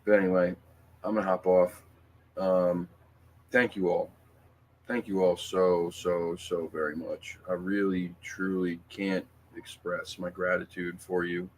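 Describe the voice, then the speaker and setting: A middle-aged man hosting a casual livestream, speaking in an emotional, halting way with many fillers and restarts. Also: low-pitched, little pitch movement, a little hiss or hum. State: emotional, near tears. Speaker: livestream host.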